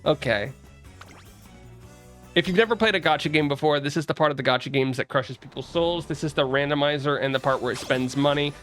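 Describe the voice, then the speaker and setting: A man's voice: fairly high pitch, brisk, fairly bright tone. A young man from the East Coast of the US streaming casually, chatting with viewers and reading out their messages. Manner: chatty, reads out chat and greets viewers. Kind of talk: casual livestream chat. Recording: faint music behind.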